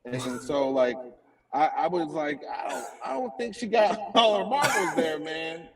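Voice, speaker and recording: A man in casual conversation, telling a funny personal story with lively laughter, heard from a distant phone. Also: fairly high pitch, measured pace. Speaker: comedian guest. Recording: distant phone audio with crowd noise. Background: crowd chatter at a cookout.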